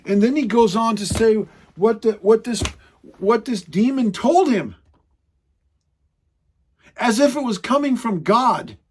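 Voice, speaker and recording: Male preacher, high-pitched, conversational teaching style, emphatic delivery. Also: animated, slight background noise. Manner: emphatic, conversational, quotes scripture with dramatic slowdowns. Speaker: Bible teacher. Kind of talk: sermon teaching.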